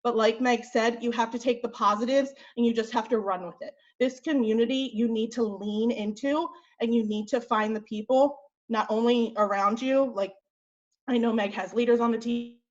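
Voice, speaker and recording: On a muffled recording, a young woman with a fairly high, steady voice coaches her fitness team through a motivational call, talking bluntly and rapidly with fillers while a bit short of breath.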